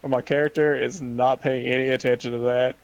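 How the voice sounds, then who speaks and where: Man player at a game table, laid-back, medium pitch. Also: little pitch movement, brisk, creaky, muffled recording. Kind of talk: casual chat at a game table.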